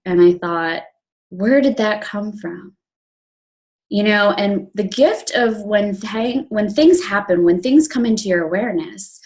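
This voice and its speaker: A woman's voice: mid-range voice, a little mellow. A young adult woman telling an emotional personal story in an earnest, confiding way, with many fillers and restarts.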